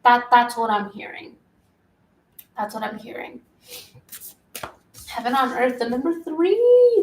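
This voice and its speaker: Woman doing a live tarot reading at home, kinda high voice, echoey room, mic set back. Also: vocal fry, far from the mic, slight background noise. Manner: flowing spiritual talk, stops to scold her pets. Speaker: tarot reader.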